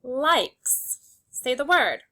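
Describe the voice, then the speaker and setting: A young adult woman, high-pitched and very animated with a pushed, bright voice, runs a phonics lesson for small children. She sounds out letters one at a time, slowly and clearly, and praises them enthusiastically.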